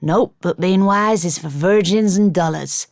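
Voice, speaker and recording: A woman's voice: fairly low pitch, unhurried, gravelly, darkish tone, no room sound, studio quality. A woman voicing a brash, defiant young American woman gambler in an audiobook, with a blunt, brassy manner.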